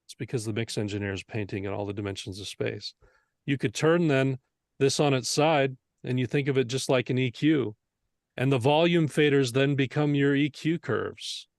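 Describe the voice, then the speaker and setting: A man's voice: medium pitch, moderate pace, creaky, no echo. Man explaining mixing in a dry room. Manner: earnest, explanatory, with rhetorical questions. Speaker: mixing instructor. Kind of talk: teaching a lesson on mixing.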